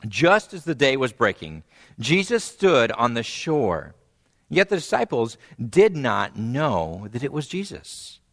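A male pastor delivers a sermon at a middle pitch. He tells the story with animation, jumping high in pitch when he acts out quoted voices and dropping low and quiet when he repeats key phrases. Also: very animated, slow.

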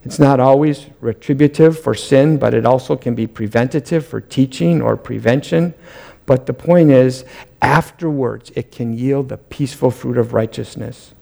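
Middle-aged pastor guy preaching, earnest, gets loud on questions, kinda gravelly dark voice. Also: medium pitch, moderate pace. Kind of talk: sermon.

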